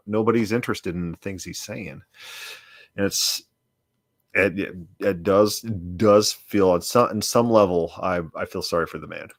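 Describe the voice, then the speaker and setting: Low dry-voiced guy rambling about his old debate, lots of repeated words, pretty blunt. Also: dry recording. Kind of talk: casual commentary.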